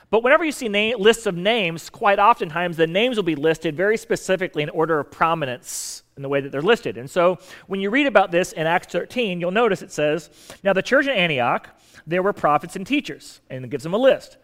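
A man delivering a sermon in a conversational teaching manner, with humorous asides and emphatic shifts in loudness. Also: a little high. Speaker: pastor.

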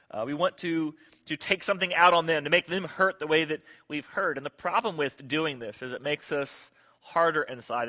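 A middle-aged man preaching, bright and forceful in tone, his voice sitting a little higher than most men's. He tells his stories with energy and slips into the voices of the people in them. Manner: animated storyteller acting out quotes. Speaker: pastor. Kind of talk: sermon.

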